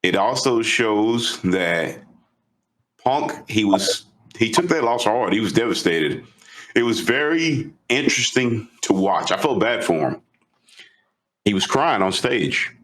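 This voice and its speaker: A man co-hosting a podcast, retelling a story in an animated, casual way. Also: lowish voice, unhurried. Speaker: podcast co-host.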